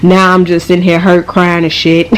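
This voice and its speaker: A woman's voice: fairly low pitch, a little slow. Young woman telling a profane storytime. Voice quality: profane, slangy, animated storytelling. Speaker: vlogger. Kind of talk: casual storytime.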